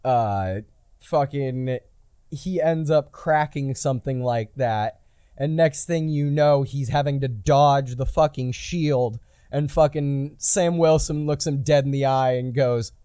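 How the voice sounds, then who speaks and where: A man in relaxed podcast chat who sets up jokes and swears casually. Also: medium pitch, slow pace, clean tone, no room sound, clean studio sound.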